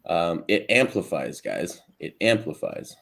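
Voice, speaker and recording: A man hosting a live stream in an upbeat, chatty way, often speaking straight to the viewers. His voice sits a little low. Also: big pitch swings, measured pace, gravelly, a bit bright. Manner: upbeat, addresses viewers as guys. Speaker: crypto stream host. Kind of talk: casual chat.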